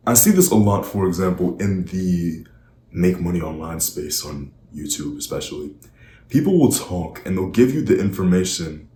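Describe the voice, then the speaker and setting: A man coaching on how to speak, talking straight to the viewer and pushing his points with shifts in speed and loudness. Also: sits low, roomy sound, slight background noise. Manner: emphatic, varies speed and volume for weight. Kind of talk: direct-to-camera coaching talk.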